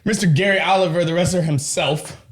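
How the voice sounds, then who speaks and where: A man's voice: sits high, a little fast, a little hiss or hum. A man hosting a casual podcast, joking and profane, laughing often and winded from running back. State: winded, coughing. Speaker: podcast host.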